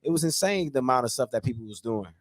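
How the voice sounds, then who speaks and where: A man's voice: mid-range voice, expressive, fast, no room sound. A man co-hosting a podcast, speaking bluntly with heavy swearing and frequent restarts. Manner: blunt, profane, restarts often. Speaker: podcast co-host. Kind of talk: casual podcast chat.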